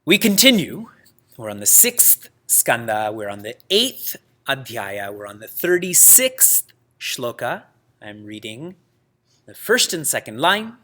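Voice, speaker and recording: A man teaching a scripture class, telling stories in a lively way, laughing often and using Sanskrit terms. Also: medium pitch, slow pace. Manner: lively storytelling with frequent laughs. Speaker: spiritual teacher.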